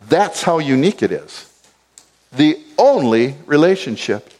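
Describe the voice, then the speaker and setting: A man with a mid-range voice delivers an expository Bible teaching. He explains what words mean and repeats key phrases for emphasis.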